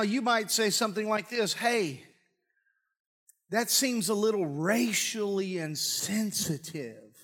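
A man preaching a sermon in a church, folksy and joking, often clearing his throat. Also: extremely high pitch, a bit bright. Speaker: pastor. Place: church sanctuary with congregation. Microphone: live-streamed stage mic.

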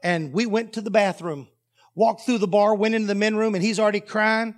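High-voiced preacher man. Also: brisk. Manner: animated storytelling that acts out dialogue. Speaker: pastor. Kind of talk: sermon.

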